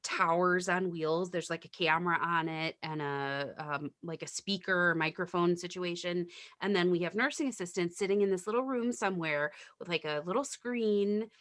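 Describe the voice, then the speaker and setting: A woman's voice: on the low side, normal speed, few pauses, a bit bright, dry recording, clean studio sound. A woman nurse chatting candidly on a podcast, telling work stories and swearing casually. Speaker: nurse, guest.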